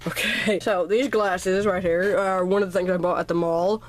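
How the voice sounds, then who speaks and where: A woman's voice: fairly low pitch, fairly even intonation, moderate pace. A teenage girl chats through a casual birthday haul vlog in her bedroom. She rambles and lists her items one by one, sounding a touch sick and slightly out of breath. The sound comes from the camera's own built-in mic. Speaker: vlogger. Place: dark bedroom at home.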